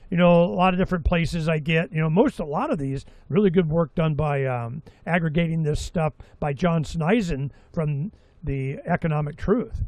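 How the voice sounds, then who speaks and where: High-voiced man ranting on a talk show. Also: no room sound. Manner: rambling, sarcastic, acts out quotes in mocking voices. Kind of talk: casual opinion monologue.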